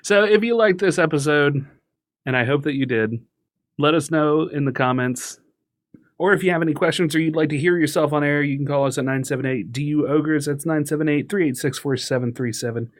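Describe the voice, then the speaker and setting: Chatty, upbeat male podcast co-host. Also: medium pitch. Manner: chatty and upbeat, laughs easily. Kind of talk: casual chat.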